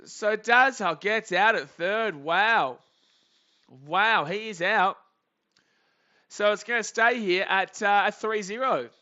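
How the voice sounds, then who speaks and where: High bright man streaming live. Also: takes it slowly, dull audio. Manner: chatty, reads chat, bursts into excited shouts. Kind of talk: live game reaction stream.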